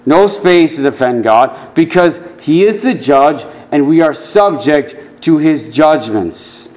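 A man delivering a sermon at a slow, deliberate pace, his voice sitting a little high for a man. He preaches earnestly and sinks low and quiet whenever he quotes scripture. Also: expressive. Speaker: pastor.

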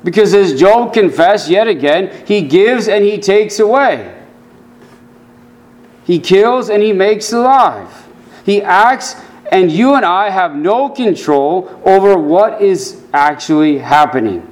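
A man delivering a sermon at a slow, deliberate pace, his voice sitting a little high for a man. He preaches earnestly and sinks low and quiet whenever he quotes scripture. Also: animated. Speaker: pastor.

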